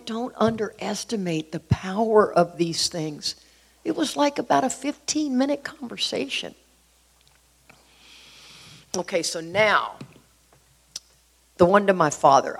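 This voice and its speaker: Middle-aged woman, earnest storyteller, chatty with lots of fillers, sharing her recovery story. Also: low voice. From Houston, Texas. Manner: heartfelt, earnest, conversational with many fillers. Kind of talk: personal storytelling talk.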